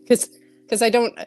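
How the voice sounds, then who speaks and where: A woman's voice: a little mellow, low-quality recording. A woman guest on a casual livestream chat, a bit flustered and self-deprecating.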